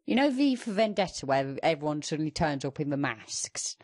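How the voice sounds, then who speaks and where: A man's voice: fairly high pitch, sing-song, fairly quick. A young man co-hosting a gaming podcast, chatting casually with lots of fillers and a sarcastic streak. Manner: rambling, filler-heavy, sarcastic. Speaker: podcast co-host. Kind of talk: casual banter.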